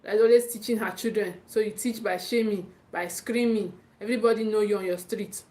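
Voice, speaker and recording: A woman's voice: mid-range voice, fairly even intonation, fairly quick, darkish tone. A woman with a Nigerian English accent coaching parents in a live talk, emphatic, often repeating and restarting her phrases and checking in with "okay".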